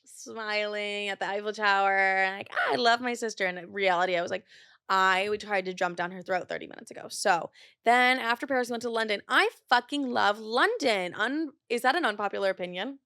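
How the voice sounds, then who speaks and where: A woman's voice: medium pitch, a little fast, sharp tone, smooth, dry recording, studio quality. A young woman hosting a podcast in casual chat, swearing freely and filling her talk with "like". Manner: chatty, swears a lot, says "like" often. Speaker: podcast host.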